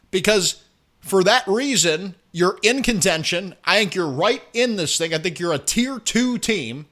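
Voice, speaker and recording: A man hosting a sports talk show, giving opinionated commentary in an animated, sarcastic rant. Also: high voice.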